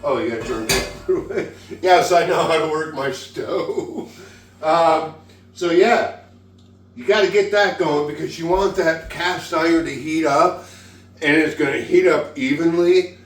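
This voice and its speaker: A man's voice: fairly high pitch, unhurried, reverberant, recorded from a distance, soft background music. A tipsy man hosting a casual cooking vlog in his home kitchen, rambling, giggling and swearing freely as he cooks. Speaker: home cook, vlog host.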